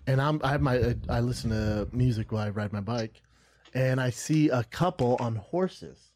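A man's voice: mid-range voice, moderate pace. A man telling a long story with lots of swearing, acting out both sides of an argument. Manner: excitable, profane, acts out both sides of the argument. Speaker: podcast guest. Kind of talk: animated profane storytelling.

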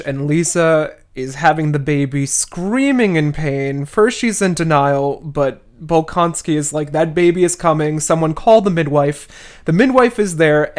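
A man hosting a podcast, casually retelling a classic novel with wry, chatty asides. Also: fairly high pitch. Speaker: podcast host. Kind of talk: casual book recap.

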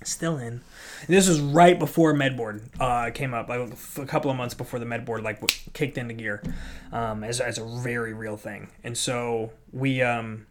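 A man's voice: mid-range voice, steady tone, moderate pace, a little hiss or hum. A man in his thirties, an Army NCO and resilience instructor, telling a story in casual chat with lots of restarts and filler words. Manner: rambling, many restarts and filler "like". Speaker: Army non-commissioned officer and resilience course instructor.

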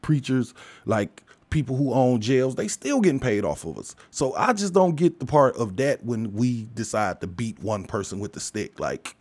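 A man's voice: mid-range voice, darkish tone, dry recording. Blunt, swearing man ranting, dry sound. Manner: blunt and emphatic, heavy swearing; rhetorical questions to listeners. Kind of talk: casual profane rant.

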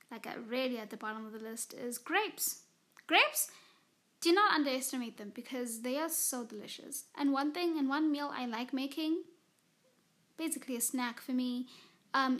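A young woman talks alone into her podcast mic in a bright, high voice. She rambles happily, gushing over things she loves and peppering every thought with "like" and doubled words. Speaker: podcast host. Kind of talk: casual solo podcast chat.

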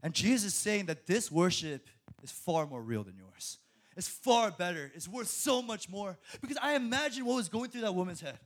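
Young guy preaching, high voice, gets excited and trips over his words, laughs a lot. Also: normal speed. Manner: animated, laughing often, repeats words when excited. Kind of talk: sermon.

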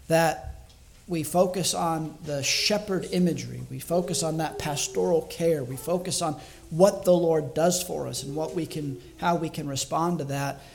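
Man, slightly high voice, evangelist giving a sermon, reflective, slows down to stress key words. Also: vocal fry. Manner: thinks aloud with small restarts. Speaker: evangelist preaching to a congregation.

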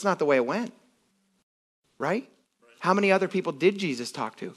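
Man, pastor, casual animated sermon, slightly higher voice, acts out quotes. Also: a little fast, long pauses. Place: church sanctuary.

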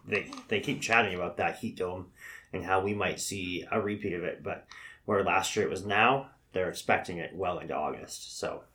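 Male co-host, very deep voice, laid-back and halting. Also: a bit bright. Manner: easygoing, halting with fillers. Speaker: firefighter podcast co-host. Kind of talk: casual chat.

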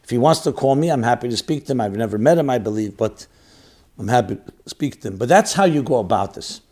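Earnest, emphatic rabbi giving guidance. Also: male voice, medium pitch, expressive, fast talker, a little mellow. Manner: earnest and emphatic, repeating key phrases; sprinkles in Hebrew and Yiddish religious terms. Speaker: rabbi hosting a question-and-answer show. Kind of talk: answering a listener's question with religious guidance.

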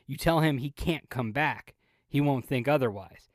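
A man co-hosting a podcast, telling a long, profane, animated story in casual chat and acting out the lines of the people in it. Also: medium pitch, normal speed, no echo, studio quality. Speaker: podcast co-host.

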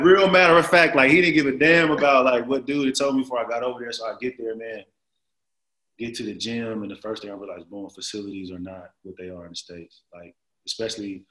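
A man in his thirties telling a story in casual chat, animated and full of slang and fillers. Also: fairly low pitch. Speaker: guest. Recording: roomy echo.

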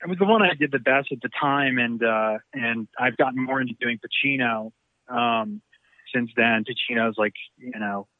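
A middle-aged actor chatting in an interview, rambling through stories with a self-deprecating streak. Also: male voice, medium pitch, expressive, normal speed, no echo. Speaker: actor guest. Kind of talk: casual interview chat. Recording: tinny phone-like line.

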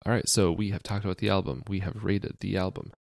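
A man from the United States co-hosting a podcast, talking in a deadpan, sarcastic way with many fillers. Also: sits low, fast talker, creaky, no echo. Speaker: podcast co-host. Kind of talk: casual chat.

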